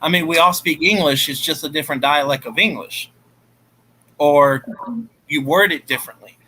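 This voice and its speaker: Bright-voiced man with a Southern US accent. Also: on the high side, moderate pace, a little hiss or hum, rough recording. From Ohio, US. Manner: blunt, swears casually. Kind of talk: casual chat on a livestream.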